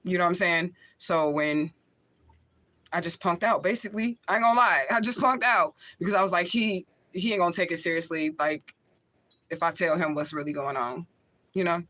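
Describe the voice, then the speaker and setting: A woman's voice: on the low side, moderate pace, fairly bright tone. A woman talking casually into the camera on a livestream, emotional and blunt, swearing freely and laughing often.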